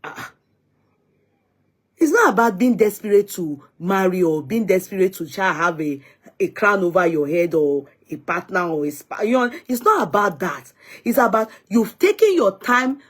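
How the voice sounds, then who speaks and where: A woman's voice: medium pitch, expressive, a little slow, slightly rough. A young woman with a Nigerian accent giving earnest, pleading commentary in a vlog, often repeating herself as she talks. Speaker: vlogger.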